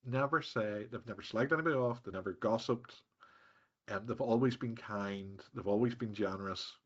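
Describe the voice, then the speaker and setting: A man's voice: on the low side, normal speed, breathy edge, muffled recording. A man with a Northern Irish accent telling stories as a podcast guest, chatty and self-mocking, laughing often. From Northern Ireland. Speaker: podcast guest, practice manager. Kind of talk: casual interview chat.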